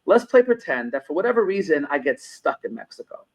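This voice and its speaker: A middle-aged man from New York, with a voice pitched a little higher than most men, speaking as a consultant guest on a podcast. He talks conversationally, makes his points through personal stories, and circles back on phrases to stress them. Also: sing-song, brisk, poor audio. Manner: explains through personal anecdotes, repeats phrases for emphasis.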